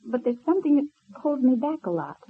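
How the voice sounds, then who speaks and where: A woman's voice: sits high, big pitch swings, fairly quick, husky, heavily acted. A spirited teasing young woman. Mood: playful. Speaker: radio drama actor. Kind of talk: 1930s radio serial acting. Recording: old narrow-band radio transfer.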